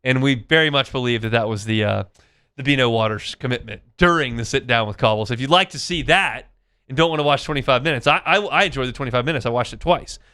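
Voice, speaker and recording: A man hosts a sports talk radio show, telling stories in a loose, animated way with plenty of fillers. His voice is smooth and resonant, at a middle pitch, recorded close on a studio microphone. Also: fast. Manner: conversational, animated storytelling with fillers.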